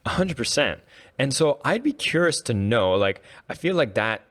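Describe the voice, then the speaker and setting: A man's voice: medium pitch, big pitch swings, normal speed, a bit bright. A man hosting a podcast interview, friendly and curious as he asks questions. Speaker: podcast host. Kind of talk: casual interview talk.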